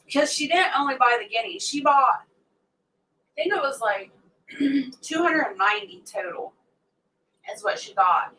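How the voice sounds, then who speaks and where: A homesteading livestream host chats casually from home in the morning, rambling through a story for viewers and scolding her pets mid-sentence. Her voice is high-pitched and sharp with lively intonation, a moderate pace and long pauses, picked up by a distant mic with a faint hum behind it.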